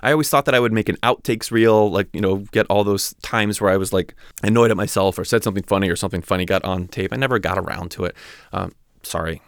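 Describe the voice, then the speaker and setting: A man with a lowish voice and a gravelly, creaky edge talks casually as a podcast host. He rambles in a chatty way, full of fillers and restarts. The recording is dry and close, with no room echo. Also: fast. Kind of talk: casual reflective talk.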